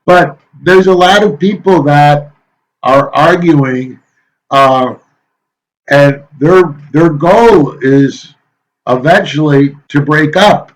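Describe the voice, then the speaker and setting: A male teacher giving a casual, folksy lecture to his students, rambling a little with frequent pauses and filler sounds. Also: fairly high pitch, low-quality recording.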